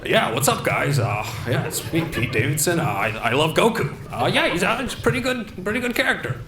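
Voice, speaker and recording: A man putting on a hesitant young male comedian who halts and fills every pause. The voice stays a little high. It is heard in an echoey hall with background noise. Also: big pitch swings. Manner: halting, filler-laden.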